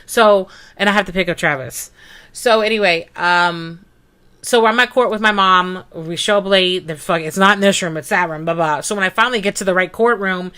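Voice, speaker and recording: Bright-voiced woman telling a story. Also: fairly low pitch, moderate pace, clear, resonant tone. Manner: animated, profane, acts out quoted voices. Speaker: podcast co-host. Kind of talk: casual storytelling chat.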